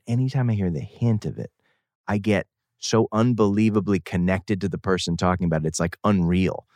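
A middle-aged man from New England, a guest musician, telling rambling, animated stories full of self-corrections. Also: low-pitched, no room sound, clean studio sound. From New England, outside Boston. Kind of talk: casual interview talk.

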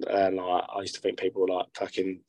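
A man's voice: low voice, completely flat delivery, fast talker, darkish tone, dry recording, poor audio. A man, chatting casually as a guest musician, rambling and swearing freely. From South London. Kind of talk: casual interview chat.

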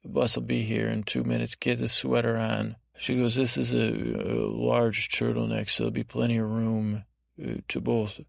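A man spins a rambling bedtime story in a deadpan, meandering way. His voice is heavy with gravelly fry, and it sounds close and dry with no room around it. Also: mid-range voice, moderate pace, no echo. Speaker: podcast host. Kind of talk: improvised bedtime story narration.

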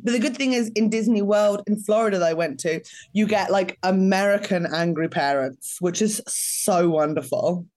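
A sweary woman in casual podcast chat, talking with quick bursts of energy and acting out the voices of angry parents. Her voice sits in a middle register. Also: medium pitch, a little mellow. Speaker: comedian guest.

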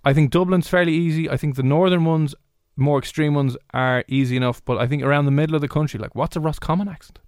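A man's voice: on the high side, steady tone, fast, hardly any pauses, darkish tone, no room sound. A man with an Irish accent hosting a casual radio chat in a studio, joking and bantering. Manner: jokey, bantering, puts on accents. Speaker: radio host. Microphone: studio microphone.

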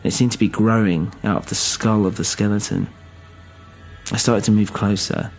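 A man's voice: on the low side, fairly even intonation, normal speed, vocal fry, faint music behind. A man narrating a first-person story in a weary, dry, wry manner.

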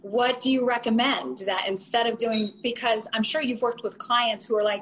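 A woman hosting a casual chat, bubbly and quick to laugh, asking her guest questions. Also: on the high side, steady tone, fairly bright tone, slight background noise. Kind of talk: casual conversation.

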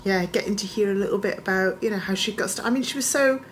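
A woman from Scotland co-hosting a podcast in casual chat, talkative and quick to laugh, picking apart words. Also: mid-range voice, slight background noise. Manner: chatty, laughs often, picks at words. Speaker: podcast co-host.

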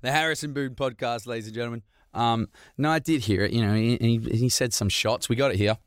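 Speaking at a fairly quick pace, a man with a medium-pitched, clean-toned voice hosts a podcast and fields listener questions. He's jokey and rambling, laughing often through the casual Q&A. The audio is dry and studio quality.

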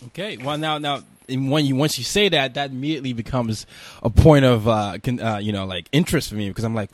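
Male host, mid-pitched voice, halting questions, dry close mic. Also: dry recording. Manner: rambling, halting questions with fillers. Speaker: interview host. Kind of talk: podcast interview.

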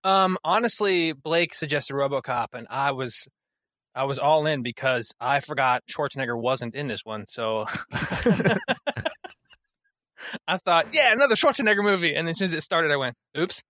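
A man's voice: medium pitch, unhurried, long pauses, bright, forceful tone, no echo, clean studio sound. An easygoing man co-hosting a podcast, chatting casually and laughing often. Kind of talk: casual chat.

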